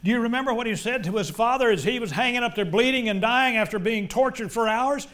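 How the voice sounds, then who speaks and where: A middle-aged male preacher delivering a sermon, swinging between loud emphatic lines and quiet, low ones. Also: quick pace.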